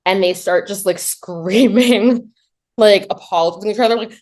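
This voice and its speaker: A woman giving a casual comedic movie recap, talking in a chatty, animated way with lots of "like" and dry low asides. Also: brisk. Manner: chatty and animated, heavy use of "like"; swings between excited high pitch and low deadpan asides.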